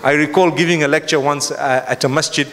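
A man's voice: on the high side, steady tone, fairly quick, a bit bright, in a large hall. A man preaching a lecture to a live audience, emphatic, with rhetorical questions and repetition. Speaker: Islamic preacher. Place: large hall before an audience.

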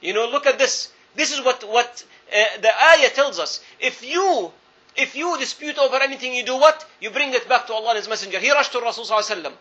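A man's voice: extremely high pitch, quick pace, pushed and bright. A man preaching a sermon, telling a story earnestly and repeating phrases for emphasis. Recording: dull lo-fi recording.

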